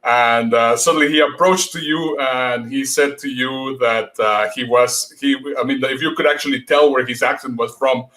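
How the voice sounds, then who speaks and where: Brief: male host, mid pitch, hesitant chatty delivery. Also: steady tone, sharp tone. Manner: halting, many fillers and restarts, laughs often. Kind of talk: casual chat.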